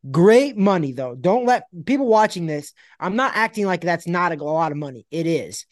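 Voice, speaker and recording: A man's voice: high-pitched, lively intonation, moderate pace, no room sound, clean studio sound. A man hosting a casual podcast, giving blunt opinions with emphatic stress and many stumbling restarts. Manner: emphatic, stumbles and restarts when making a point. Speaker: podcast host and boxing pundit.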